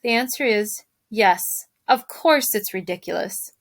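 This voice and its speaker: A woman teacher reading a storybook aloud to her class, expressive and stopping to ask them questions. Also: medium pitch, measured pace.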